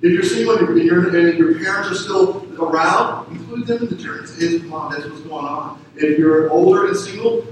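High-voiced pastor preaching in an echoey hall. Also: male voice, brisk. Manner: earnest, exhorting with repeated calls to parents. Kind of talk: sermon. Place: church sanctuary. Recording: echoey room, voice from a distance with faint noise.

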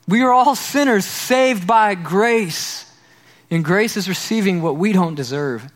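A man's voice: high-pitched, measured pace. A man preaching a sermon as pastor, earnest, repeating key phrases and tripping over repeated words.

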